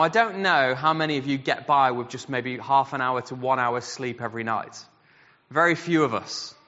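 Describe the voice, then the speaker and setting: A man delivers a sermon as an animated storyteller, acting out the voices he quotes. His voice is a little high and sounds bright and pressed. The sound is dull and muffled, with a long reverb from a large hall. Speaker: preacher.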